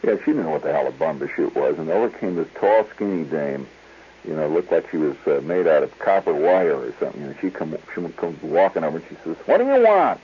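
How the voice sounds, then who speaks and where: A man's voice: extremely low pitch, fairly quick, breathy edge. A man hosting a radio show, telling a digressive story in a chuckling, storytelling way. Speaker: radio host. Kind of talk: rambling storytelling monologue. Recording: tinny 1970s radio broadcast.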